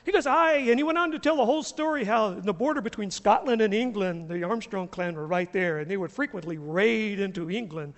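A middle-aged man from the US South, a pastor preaching a sermon and telling stories in an animated, chuckling way. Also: sits high, fairly quick, few pauses, long reverb tail. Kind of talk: sermon with storytelling. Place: church sanctuary.

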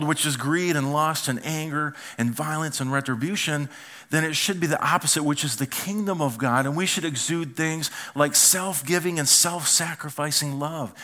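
Male pastor, bright and somewhat high voice, lively sermon delivery with sudden soft asides. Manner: animated preaching, acts out quoted voices, drops to quiet asides.

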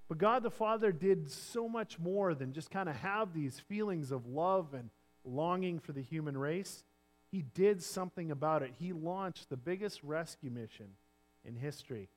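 Higher-voiced man preaching a sermon. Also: expressive, moderate pace. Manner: earnest preaching, drops to near-whispers and swells louder for emphasis. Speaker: pastor.

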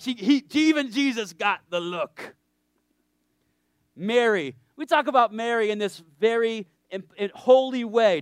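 A man's voice: sits high, a bit bright, dry recording, studio quality. A man preaching a sermon in a conversational, joking way, often checking in with his listeners.

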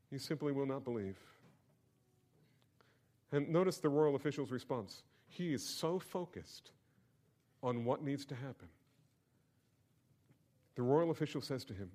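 Male pastor, sermon delivery, quiet storytelling rising to forceful emphatic peaks, mid-pitched voice. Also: expressive, moderate pace. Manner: dynamic preaching, swings from hushed storytelling to loud emphatic build-ups.

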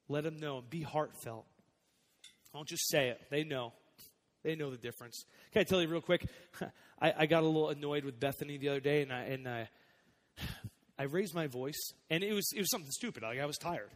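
A young adult male pastor giving a sermon, conversational and personal, dropping soft then rising to emphatic points. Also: fairly high pitch, moderate pace, pauses often. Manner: conversational preaching, swings between soft and emphatic. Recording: long hall reverb.

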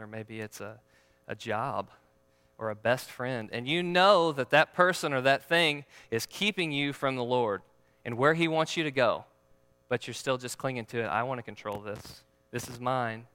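Pastor guy giving a sermon, chatty and jokey, smooth crisp voice, echoey hall. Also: mid-range voice, sharp tone. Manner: conversational, joking, asks the audience questions.

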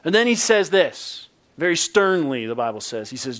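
A man's voice: on the high side, very animated, normal speed, hardly any pauses, fairly bright tone. A male pastor preaching a sermon in a playful, joking, conversational way.

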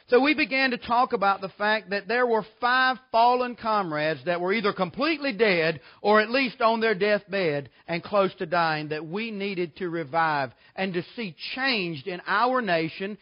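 Guy preaching in his 40s, high voice, folksy jokes, kinda muffled church recording. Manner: folksy, joking storyteller. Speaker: guest preacher. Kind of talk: revival sermon. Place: church sanctuary.

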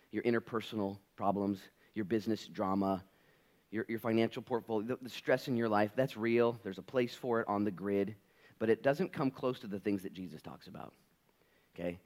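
A male pastor giving a sermon with a lively, swinging pitch and a casual, playful delivery. He talks to the congregation like a friend. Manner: animated, conversational, playful.

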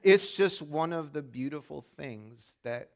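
A man's voice: fairly high pitch, animated, unhurried, vocal fry. A man preaching a conversational sermon as pastor, asking the congregation questions and telling stories with humor. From Pennsylvania. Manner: storytelling with humor. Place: church sanctuary during a service.

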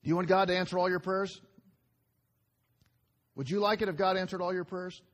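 A pastor with a high voice preaches a sermon conversationally, his tone steady and pace a little fast. He poses rhetorical questions to the congregation and drops into quiet asides between emphatic lines.

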